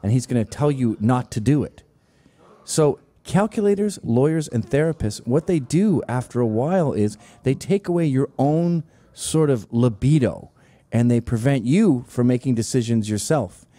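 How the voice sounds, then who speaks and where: A man's voice: mid-range voice, lively intonation, normal speed, dark tone, dry recording. A man in his forties hosting a show, delivering a profane, sarcastic comedic rant. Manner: profane, sarcastic, acts out quoted voices. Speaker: show host.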